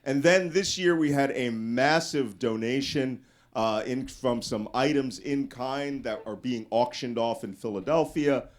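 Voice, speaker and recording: A man's voice: medium pitch, measured pace. A man giving a casual, anecdotal talk as a guest speaker to a live audience, often raising his voice to act out the people in his stories. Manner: animated storyteller, voices quoted people loudly.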